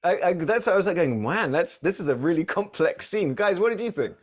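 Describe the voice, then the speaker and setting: A man's voice: sits high, lively intonation, fairly quick. A man co-hosting a casual film podcast, earnest and emotional, turning questions to the others. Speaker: podcast co-host. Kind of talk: casual movie discussion.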